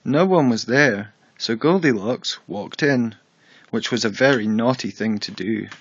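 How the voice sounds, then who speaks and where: A man tells a bedtime story with a measured, expressive reading. His voice sits at a middle pitch. The recording is dry and a little dull. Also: slightly rough, no echo.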